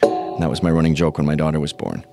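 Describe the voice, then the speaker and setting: A man's voice: very deep voice, level tone, quick pace, gravelly, loud music behind the voice. A man hosting a podcast, telling a rambling, profane comic story full of tangents. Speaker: podcast host. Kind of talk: casual comedic storytelling.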